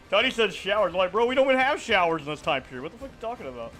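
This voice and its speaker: A man's voice: high voice, lively intonation, rapid-fire, sharp tone, soft background music. Profane, laughing young male streamer. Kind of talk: casual gameplay commentary.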